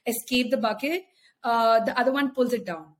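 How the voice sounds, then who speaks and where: A woman's voice: a little high, moderate pace. A woman, co-hosting a podcast, speaking thoughtfully in casual chat with many hesitations. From India. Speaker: podcast co-host.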